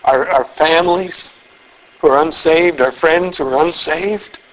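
Earnest male preacher, fairly high voice, reads scripture and presses rhetorical questions. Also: a little slow, poor audio. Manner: earnest, asks the listeners many rhetorical questions. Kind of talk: sermon, reading and explaining scripture.

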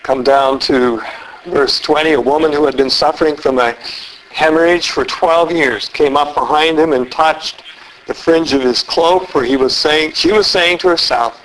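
A man's voice: on the high side, normal speed, fairly bright tone, slight background noise, low-quality recording. A man preaching a sermon, reading scripture and earnestly putting questions to his listeners. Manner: earnest, asks the listeners many rhetorical questions.

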